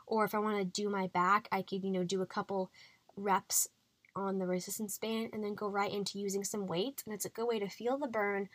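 A woman's voice: medium pitch, fairly bright tone, no room sound. A young adult woman hosting a podcast, chatty and encouraging, with frequent fillers. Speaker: podcast host. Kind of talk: faith-based health podcast monologue.

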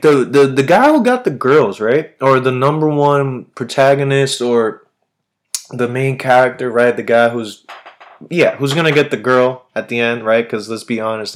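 A man hosting a podcast, chatting casually in a rambling way, swearing constantly and using lots of slang. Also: mid-range voice. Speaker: podcast host. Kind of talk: casual chat.

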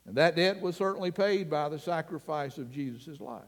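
A man preaching a sermon as pastor, earnest and deliberate, sometimes dropping his voice to a hush. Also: fairly high pitch, animated, big-room sound. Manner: slow, earnest preaching with dramatic drops to a hush.

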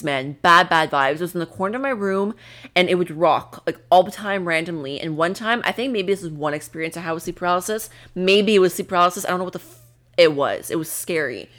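Low-voiced young woman telling ghost stories. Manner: animated storytelling, lots of fillers. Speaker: podcast co-host. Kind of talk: casual chat.

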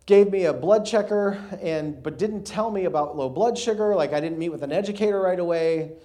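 Delivering a sermon as a guest, a man in his thirties animatedly relates a funny story from his own life, drawing frequent laughter. His voice sits high and runs a little fast.

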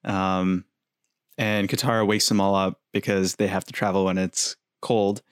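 A man's voice: low voice, level tone, unhurried, smooth, no room sound, clean studio sound. A young man co-hosting a podcast, easygoing as he retells scenes with quoted lines. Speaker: podcast co-host. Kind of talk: casual recap narration.

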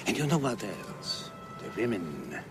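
An actor playing an older, theatrical, world-weary horror film star who speaks with a Hungarian accent, in a film clip. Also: male voice, lowish voice, sing-song. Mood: conspiratorial. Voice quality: slow, heavily accented, theatrical delivery. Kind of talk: film dialogue. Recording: film clip with score music.

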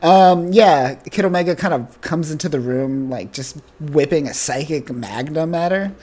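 A man's voice: fairly high pitch, moderate pace, darkish tone. Rambling casual man recapping a comic. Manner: rambling, joking, many fillers. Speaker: podcast co-host.

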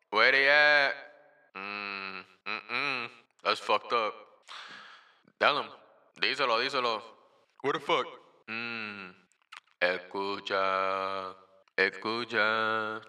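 A man tosses out loose, profane podcast banter, mixing Spanish into his English. He speaks at an unhurried pace. His voice is very bright and clear. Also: fairly low pitch, big-room sound. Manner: playful, swears and mixes Spanish with English. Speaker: podcast host. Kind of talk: casual joking chat.

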